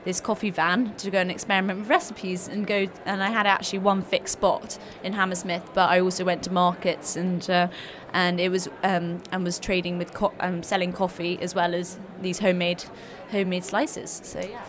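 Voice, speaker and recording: Female guest, business founder, friendly, halting with fillers, faint noise behind. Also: lowish voice, level tone. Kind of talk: casual interview answers. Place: trade show hall.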